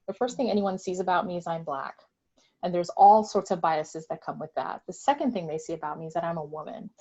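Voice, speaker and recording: A woman speaking in a deliberate, reflective way during a candid discussion on a video call. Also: lowish voice, warm tone. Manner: deliberate, reflective, occasional laughs. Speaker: panelist.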